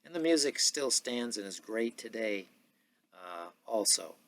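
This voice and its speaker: A man in his sixties hosting a podcast in a casual, rambling monologue full of filler pauses. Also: fairly low pitch, lively intonation, a bit bright, dry recording. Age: 60s. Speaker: podcast host.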